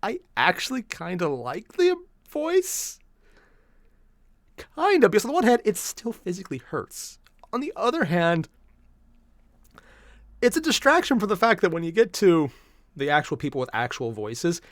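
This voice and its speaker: A man's voice: high-pitched, sing-song, moderate pace, pauses often, dry recording, studio quality. A man hosting a casual reaction video, rambling and repeating himself as he talks through his thoughts.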